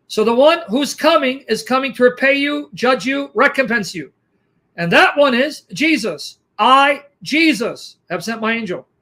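High-voiced man arguing from scripture. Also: fairly bright tone. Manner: emphatic, argumentative, fond of rhetorical questions. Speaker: Christian apologetics video host. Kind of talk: reading scripture verses with pointed commentary.

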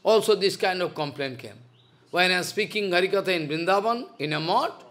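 Animated high-voiced male preacher. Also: fairly quick. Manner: emphatic, repeats phrases, broken English. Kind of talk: sermon.

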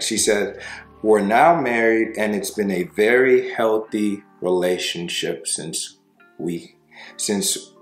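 A man with a fairly low voice coaches viewers through breakups in a relaxed, conversational monologue. He keeps checking in with "right?" and "you know" and acts out short exchanges. The room sounds echoey and there is faint music underneath.

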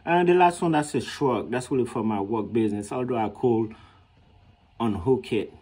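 A man vlogging in a casual storytelling way, animated and slangy, laughing often and acting out what others said in a raised voice. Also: mid-range voice, normal speed, slightly rough. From Haiti.

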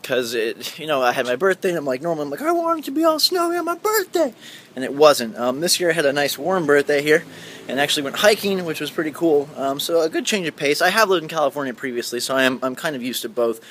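A man's voice: fairly high pitch, fast, a bit bright. A man in his twenties from Indiana chatting casually in a rambling, upbeat vlog, filmed outdoors at night with a handheld camera. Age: 20s. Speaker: vlogger.

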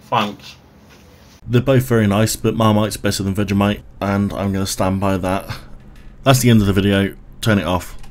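A man with a fairly low voice talks through a casual food review in a dry, offhand, self-mocking way. He was recorded on an overhead phone camera in a room at home, with a faint hum of room noise underneath. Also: steady tone, normal speed.

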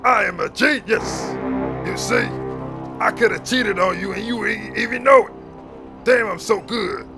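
A man's voice: sits high, measured pace, gravelly, over music. A man playing a scheming gang leader who smugly brags about his tricks in a homemade comedy skit. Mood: gloating. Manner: smug, boastful.

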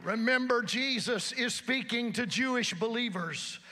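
A male pastor preaching a church sermon, emphatic and rising to shouts. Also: extremely high pitch, unhurried, background noise. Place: church service.

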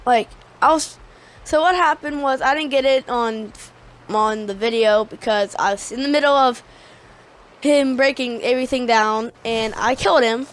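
A woman giving casual, excitable gameplay commentary, retelling the action by quoting herself. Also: a little high, moderate pace. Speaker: gaming video creator. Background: music.

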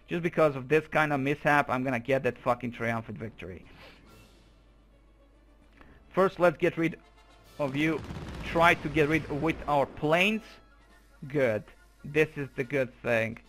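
A young man with a high-leaning, fairly bright voice does let's play commentary on a strategy game, running through it with profane exasperation.

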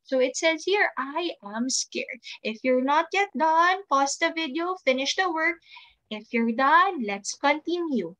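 A woman teaching a recorded preschool class, speaking slowly and clearly and spelling out letters for young children. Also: sits high, animated, bright, forceful tone, low-quality recording. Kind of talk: recorded online class instruction.

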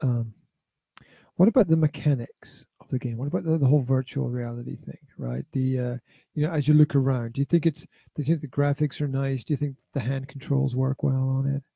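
In a casual chat reviewing a VR game, a middle-aged father co-hosting a podcast rambles, repeats himself and leans on hesitant fillers. His medium-pitched voice is warm and husky with vocal fry, holding a steady tone at a fairly quick pace, with no room sound.

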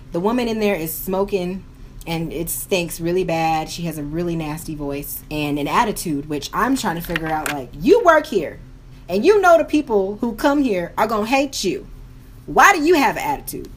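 A woman's voice: mid-range voice, a little hiss or hum. A young woman vlogging at home while doing her makeup, telling a story with lots of drama, slang and quoted voices, recorded on a camera mic. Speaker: beauty vlogger.

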